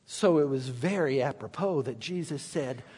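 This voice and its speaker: A man's voice: medium pitch, lively intonation, normal speed, darkish tone, slightly rough, big-room sound. A man preaching a sermon as pastor, emphatic and given to repeating words as he restarts.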